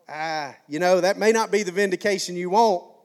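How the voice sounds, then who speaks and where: A man's voice: sits high, normal speed. A male pastor preaching a sermon in a folksy, conversational way, repeating phrases for emphasis.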